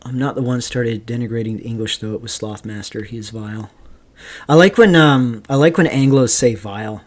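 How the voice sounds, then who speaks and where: A man with a mid-range voice hosts a live stream, rambling casually through his commentary. He reads chat questions aloud and fills pauses with lots of "um" and "like."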